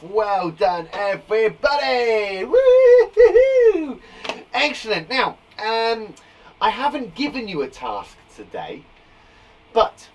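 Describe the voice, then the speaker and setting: A man with a high, very lively voice teaching young children in a live online lesson, shouting out example phrases with relish. He sits a little way from the mic, with faint noise in the background. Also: recorded from a distance, low-quality recording. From England. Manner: animated, exclaiming examples with big jumps in loudness. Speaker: primary school teacher. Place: garden shed classroom.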